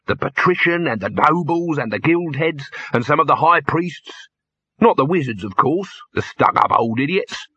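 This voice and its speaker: A man playing a pushy middle-aged promoter, salesman patter, bright husky tone, audiobook character. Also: a little high, animated, moderate pace, dry recording, heavily acted. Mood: boastful. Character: brash middle-aged male showman promoter. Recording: slightly dull lo-fi recording.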